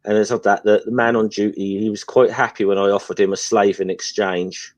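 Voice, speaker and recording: Deep-voiced man reading a comic aloud. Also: level tone. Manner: halting, reads quoted lines with many restarts. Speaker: co-host.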